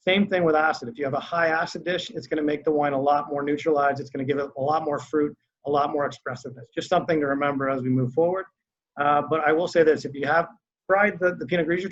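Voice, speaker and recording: Male winery rep: easygoing, filler-heavy tasting talk, slightly raised pitch, muffled video-call audio. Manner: relaxed, conversational, many fillers.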